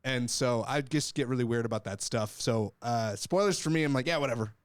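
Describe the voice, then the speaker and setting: Fast-talking analytical male co-host. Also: medium pitch, no room sound. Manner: quick, analytical, explains at length. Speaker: podcast co-host. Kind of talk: casual chat.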